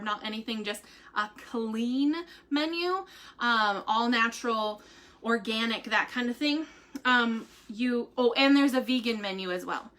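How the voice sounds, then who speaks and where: A woman vlogger talks to viewers on a casual live stream from home. Her voice sits high and bright, and she chats in a bubbly, rambling way with lots of ums and likes. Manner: chatty and bubbly, full of fillers like "um" and "like".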